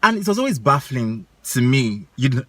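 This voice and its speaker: Bright-voiced man telling stories. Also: medium pitch, normal speed. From Nigeria. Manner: animated storyteller, laughs often. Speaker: co-host. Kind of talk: casual chat.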